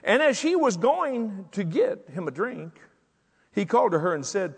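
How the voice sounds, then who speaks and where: A man's voice: sits high, very animated, unhurried, gravelly, breathy edge, big-room sound. An older male pastor preaching a sermon emphatically, with repetition.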